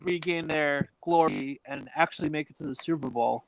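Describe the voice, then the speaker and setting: A man's voice: on the high side, normal speed, creaky, dry recording. A man co-hosting a podcast, asking long rambling sports questions in casual chat. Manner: mock interviewer, rambling questions. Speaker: podcast co-host.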